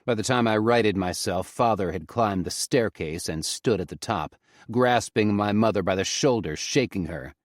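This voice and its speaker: A male audiobook narrator reading a first-person story in a grave, measured manner on a close studio mic. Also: fairly low pitch, no room sound.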